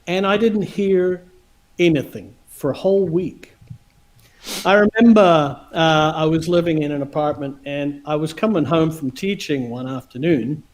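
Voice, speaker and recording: A man's voice: fairly high pitch, a little slow. A man hosting a livestream over a video call, telling stories casually with lots of laughter and acted-out quotes. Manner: animated, laughing, acts out quotes. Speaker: host.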